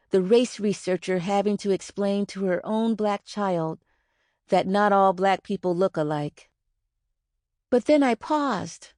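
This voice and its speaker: A woman narrating her own nonfiction audiobook in a measured, earnest reading on a close studio mic. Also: medium pitch, darkish tone, dry recording.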